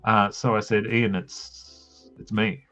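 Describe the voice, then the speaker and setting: Self-mocking man, lowish voice. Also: little pitch movement, bright, forceful tone. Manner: self-mocking, jokey anecdotes with quick voiced quotes. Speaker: host of a drawing live stream. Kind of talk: casual storytelling chat. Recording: dull lo-fi stream audio with faint music.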